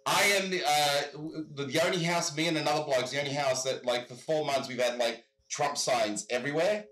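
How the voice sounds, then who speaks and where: A man with an Australian accent tells rambling stories, over and over saying he has to tell you something. His voice is bright and a little high, and it rings in an echoey room. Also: fairly quick. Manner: rambling storyteller, repeats "I gotta tell you". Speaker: guest. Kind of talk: casual chat. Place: home in Michigan.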